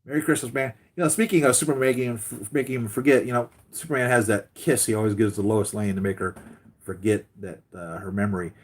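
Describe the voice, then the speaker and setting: Rambling, low-voiced male channel host. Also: fairly even intonation, fast, breathy edge. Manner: rambling, many fillers and restarts. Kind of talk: casual chat.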